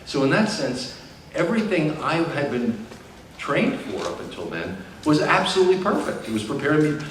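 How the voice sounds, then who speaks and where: A man, a voice actor on a fan convention panel, telling animated stories and moving from hushed to loud. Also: a little high, normal speed. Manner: animated storyteller, lively swings from hushed to loud. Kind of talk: storytelling panel Q&A. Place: large convention hall. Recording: roomy distant convention hall recording with noise.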